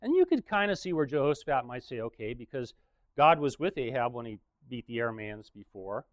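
A man's voice: medium pitch, big pitch swings, brisk, no echo, muffled recording. A man preaching in a casual, joking way, retelling a story with frequent chuckles.

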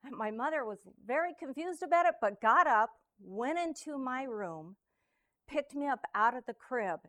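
A woman preaching a sermon, reading scripture verse by verse and then telling a personal story, swinging between loud proclamation and hushed near-whispers. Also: high-pitched, animated. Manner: slow, deliberate reading of verse. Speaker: lay preacher.

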